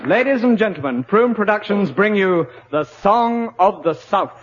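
Formal male announcer, fairly high. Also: lively intonation, moderate pace, over a noisy crowd. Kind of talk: radio comedy sketch. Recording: dull old radio recording with loud hiss.

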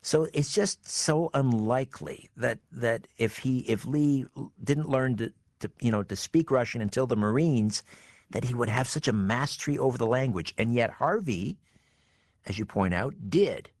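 A man interviewing a guest, measured and curious. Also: mid-range voice, animated, a little mellow, no echo, studio quality. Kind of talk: interview questions.

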